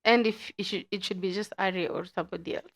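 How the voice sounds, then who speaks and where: A woman's voice: mid-range voice, fairly even intonation, quick pace, background noise. A woman with a Kenyan accent hosting a podcast, chatting casually in a playful, chatty way. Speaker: podcast host.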